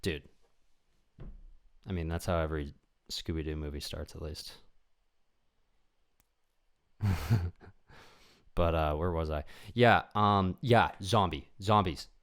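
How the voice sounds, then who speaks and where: A young man hosting a solo podcast in a casual ramble, often dropping into quick imitations of other people. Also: a bass voice, clear, resonant tone. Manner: rambling, animated, acts out voices of people he imagines. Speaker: podcast host.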